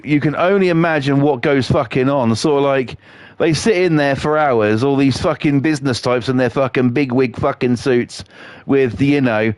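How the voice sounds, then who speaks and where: A man's voice: medium pitch, smooth, no echo. A man, chatting on a live game stream in a sweary, rambling, jokey way. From England. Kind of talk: casual chat on a live stream.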